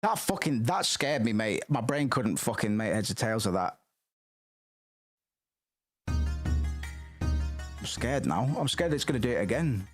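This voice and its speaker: A male streamer chats casually as he reacts to tracks. His talk rambles, jumps quickly into excitement, and is full of swearing. His voice sits at a medium pitch, with faint music behind him.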